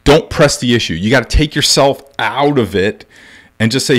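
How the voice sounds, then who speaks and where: A man's voice: medium pitch, animated, normal speed, a bit bright. Blunt, emphatic male baseball coach. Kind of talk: direct-to-camera parenting advice.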